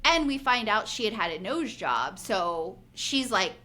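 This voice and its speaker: A woman's voice: medium pitch, big pitch swings, measured pace, bright, forceful tone. A woman in her forties co-hosting a podcast, chatting casually and animatedly, acting out quotes with lots of "like" fillers. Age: 40s. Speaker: podcast co-host. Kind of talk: casual recap chat.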